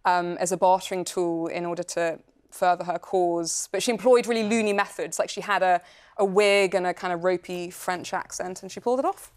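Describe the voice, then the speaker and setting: A woman who is an actress, a chat show guest discussing her roles in an animated, thoughtful way with frequent filler words. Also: fairly low pitch, normal speed, clear, resonant tone. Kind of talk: casual chat show interview.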